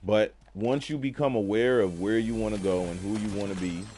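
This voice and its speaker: A man talking casually while playing a video game, telling a fable and musing on life in relaxed slang. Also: on the low side, a little fast, slight background noise. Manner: laid-back, slangy, reflective. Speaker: gaming streamer. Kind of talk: casual gameplay commentary with storytelling.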